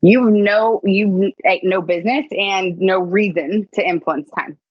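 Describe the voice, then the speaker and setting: A blunt woman lays down sales rules with emphatic, profane force. Her mid-pitched voice comes through dry and close, with a slightly dull, muffled tone. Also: a little slow, slightly rough, no echo. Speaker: sales coach. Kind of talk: casual coaching chat.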